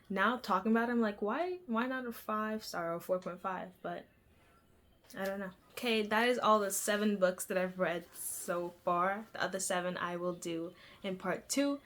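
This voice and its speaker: Young woman vlogging her reads, chatty, stutters a lot, self-deprecating. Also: on the low side. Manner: rambling, filler-heavy, self-deprecating, stuttering. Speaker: book vlogger. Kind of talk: casual book review chat.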